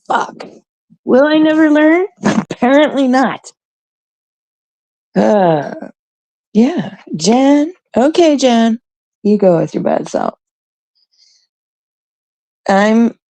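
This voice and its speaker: A woman with a low, gravelly voice rants to her livestream chat, sarcastic and full of swearing. Her tone is dark and mellow, and she talks slowly. The sound is dry and close, with no room around it. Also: no room sound. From Canada. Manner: profane, sarcastic, ranting. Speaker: livestream host.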